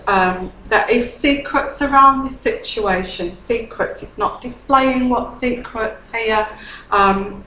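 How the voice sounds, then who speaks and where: A woman's voice: mid-range voice, fairly bright tone. Chatty woman tarot reader, echoey room. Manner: chatty, repeats phrases, frequent "okay?". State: a little tipsy. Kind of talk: casual tarot reading. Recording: echoey room with faint background hum.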